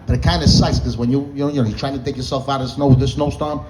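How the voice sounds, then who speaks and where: A man's voice: mid-range voice, level tone, rapid-fire, a little mellow, slight background noise, rough recording. A man doing stand-up, groggy from medication, telling rambling, profane stories and laughing at his own jokes. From Boston North End. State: groggy on antihistamine. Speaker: stand-up comedian. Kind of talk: stand-up storytelling.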